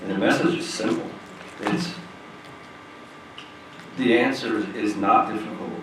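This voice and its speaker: A man's voice: fairly low pitch, measured pace. A man giving an earnest, plain-spoken personal talk to an audience from a stage, acting out the voices of people in his story. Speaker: nonprofit president giving a talk. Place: large hall stage before an audience. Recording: echoey hall, distant mic, faint hiss.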